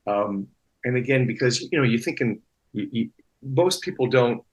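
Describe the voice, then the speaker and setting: A man's voice: mid-range voice, animated, normal speed, breathy edge, low-quality recording. A man talking as a guest actor in a casual interview, rambling with many restarts and fillers.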